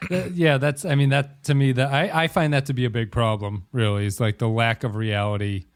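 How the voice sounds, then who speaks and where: A man's voice: medium pitch, fairly even intonation, fairly quick, no room sound. A man co-hosting a podcast in casual chat, rambling with many restarts and laughing easily. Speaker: podcast co-host.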